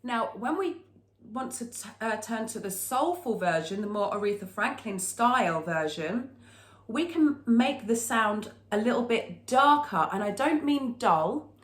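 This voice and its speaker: A woman's voice: on the high side, expressive, unhurried, reverberant. A woman teaching a singing lesson, explaining technique and breaking into short sung demonstrations.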